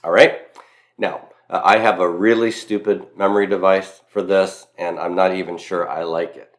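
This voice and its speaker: Southern male teacher, deep voice, emphatic lecture style, repeats his points. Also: steady tone, normal speed. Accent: Southern US (Mississippi). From Mississippi, US. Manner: emphatic, repeats key points, self-deprecating asides. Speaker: Latin teacher. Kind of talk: recorded grammar lecture.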